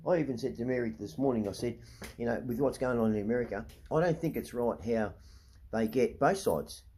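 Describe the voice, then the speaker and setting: A man's voice: mid-range voice, fairly quick, warm tone. A middle-aged Australian man ranting to camera, blunt and profane, repeatedly asking "right?" as he talks. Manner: heated, indignant. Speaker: vlogger.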